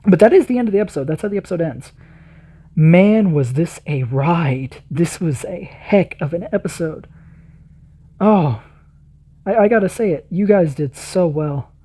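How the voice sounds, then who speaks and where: A man's voice: fairly high pitch, expressive, normal speed, warm tone, slightly rough. A man hosting a reaction video, giving enthusiastic, rambling commentary full of fillers.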